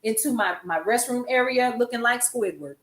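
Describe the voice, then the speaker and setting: A woman's voice: fairly high pitch, moderate pace, a bit bright, reverberant. An older woman, a grandmother, hosting a casual news commentary stream, chatty and laughing often as she talks to her viewers. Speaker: host.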